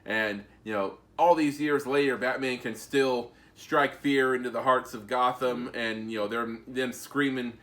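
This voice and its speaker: A man co-hosting a podcast, casually recapping comic book stories with many fillers and pauses. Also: mid-range voice, fairly even intonation, a bit bright. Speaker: podcast co-host.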